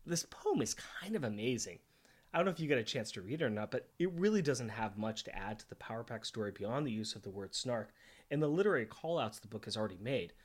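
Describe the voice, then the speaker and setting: A man's voice: medium pitch, husky. A middle-aged man co-hosting a casual comic book podcast, enthusiastic and jokey, laughing often. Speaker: podcast co-host.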